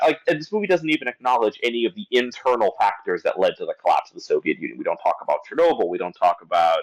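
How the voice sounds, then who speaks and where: A man's voice: lowish voice, poor audio. A man on a podcast giving an exasperated critique of a film, talking with lots of restarts and stumbles. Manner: animated, exasperated rant with many restarts. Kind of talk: casual podcast discussion.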